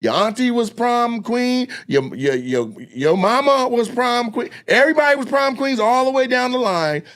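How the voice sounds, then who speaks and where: Animated, profane man telling road stories. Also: very high-pitched, moderate pace, few pauses. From Washington state, USA. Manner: animated, profane, acts out voices with loud outbursts. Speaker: comedian podcast host. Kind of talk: casual storytelling chat.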